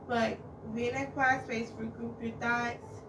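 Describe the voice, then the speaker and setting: Hesitant woman with a higher voice, echoey. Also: little pitch movement, distant mic, noisy background. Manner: halting, gentle, many fillers. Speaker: podcast co-host. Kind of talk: personal advice talk.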